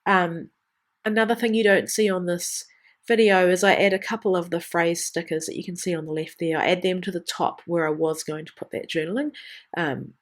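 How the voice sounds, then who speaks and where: A woman's voice: on the low side, steady tone, fairly quick. Stuffy-nosed chatty craft vlogger woman. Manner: chatty, enthusiastic, with many ums. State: congested, nasal from a cold. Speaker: scrapbooking vlogger. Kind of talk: voice-over narration of a craft process video.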